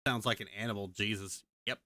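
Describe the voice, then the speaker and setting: A woman's voice: a bass voice, steady tone, fairly quick, a bit bright, dry recording. A woman streamer in casual chat, ranting heatedly and swearing a lot.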